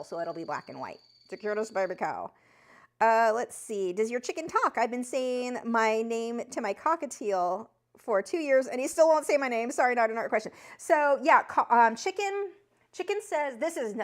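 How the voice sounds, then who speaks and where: A woman with a high voice that she says sounds like a chipmunk, chatting loosely with her viewers on an art live stream, with lots of fillers and restarts. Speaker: art teacher answering chat. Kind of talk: casual live-stream chat.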